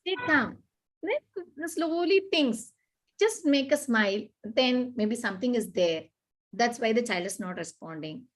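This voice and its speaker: A woman talks through parenting advice in a conversation. She is earnest and animated, often acting out what parents and children say. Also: a little high, a little slow. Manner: earnest, repetitive, animated explaining with acted-out examples. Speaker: parenting expert guest.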